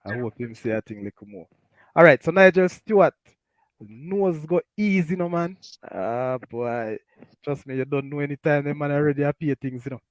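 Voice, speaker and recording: Jamaican male host, brighter voice, chatty, laughs a lot, dry sound. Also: a little high, normal speed, no echo. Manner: laughs often, animated, Patois-flavored. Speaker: talk show host. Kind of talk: casual live-stream chat, reading comments.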